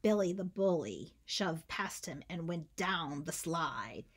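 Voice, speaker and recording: A woman teacher reading a picture book aloud to children, animated, coaxing them to join in and dipping into whispers for suspense. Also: sits low, slow, husky. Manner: coaxes listeners to join in.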